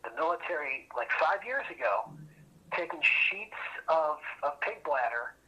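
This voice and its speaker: A man's voice: on the high side, lively intonation, a little slow, sharp tone, breathy edge, rough recording. A man, an interview guest, telling a long, detailed story that circles back on itself. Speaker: interview guest, former police officer. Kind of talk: casual storytelling over a call.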